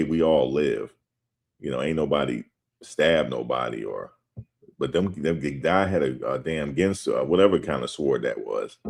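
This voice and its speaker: A man with a very deep voice tells a story in a loose, conversational way. He talks straight to his listeners and gets animated as he goes, like a host chatting to his audience. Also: gravelly. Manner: animated, conversational, addresses listeners directly as "guys". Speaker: show host. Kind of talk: casual spoken storytelling and commentary.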